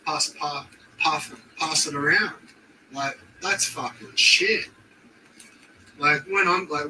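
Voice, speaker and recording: A man's voice: a little high, pushed and bright, far from the mic, a little hiss or hum, rough recording. A young Australian man chatting casually on a stream, laid-back and swearing constantly in slang.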